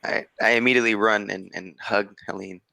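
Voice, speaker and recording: A man playing his character in a tabletop game, excited and stammering with restarts. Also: lowish voice, a little fast, creaky. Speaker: player. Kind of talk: in-character tabletop role-play.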